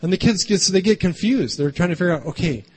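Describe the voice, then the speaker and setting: A pastor gives a sermon in a loose, chatty manner, frequently ending his points with a quick "right?". His voice is husky and fairly high.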